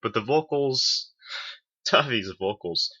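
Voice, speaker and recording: A man's voice: medium pitch, lively intonation, slow pace, bright, forceful tone, dull audio. A man hosting a music review, reading his verdicts with dry sarcasm. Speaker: host, album reviewer. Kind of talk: semi-scripted review.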